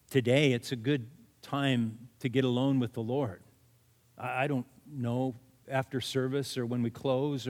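A pastor with a mid-range voice preaches earnestly in a church sanctuary, repeating key words for emphasis. The sound carries the feel of a big room.

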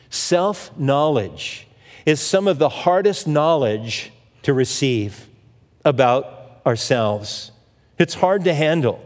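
A man preaching a sermon and telling stories from scripture, acting out each figure's lines as he goes. His voice sits a little high for a man. A long hall reverb trails behind every phrase. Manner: storytelling preacher who acts out the scripture voices. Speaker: pastor.

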